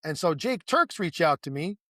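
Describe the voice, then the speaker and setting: Animated man telling stories, slightly higher voice. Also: moderate pace, no room sound, clean studio sound. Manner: animated storyteller who acts out quoted dialogue; rambling with many restarts and asides. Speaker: guest. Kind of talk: casual conversation, storytelling.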